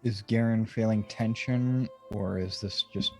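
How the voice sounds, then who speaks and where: A man's voice: fairly low pitch, fairly even intonation, a little slow, soft background music. A man playing a tabletop game, thinking aloud hesitantly with fillers. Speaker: player.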